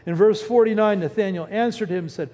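A man preaching a sermon in a church, animated, firing rhetorical questions and breaking off mid-word. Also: sits high, quick pace. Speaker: pastor. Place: church sanctuary. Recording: reverberant hall.

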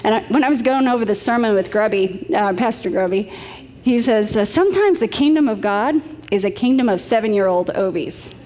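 A woman's voice: mid-range voice, animated, fairly quick, mellow, in a large hall. A middle-aged woman preaching a sermon, telling stories in a chatty way with light laughs.

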